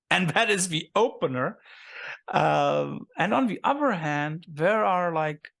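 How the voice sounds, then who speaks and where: A man's voice: a little high, vocal fry, fairly bright tone. A man interviewing a guest in a chatty, rambling way with many fillers. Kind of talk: casual interview talk.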